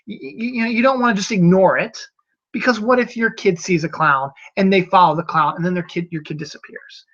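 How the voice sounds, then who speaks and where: A man's voice: high voice, a little fast, a bit bright. Rambling man on a solo podcast. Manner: rambling, repeats words and restarts. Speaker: podcast host. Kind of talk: solo casual monologue. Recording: dull lo-fi audio.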